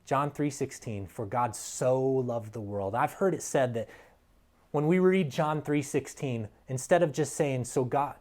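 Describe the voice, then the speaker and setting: A man preaches from the pulpit in a voice of middle pitch. He talks earnestly and with emphasis, easing into soft, near-quiet lines and then building back to strong peaks. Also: measured pace. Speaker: pastor. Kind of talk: sermon.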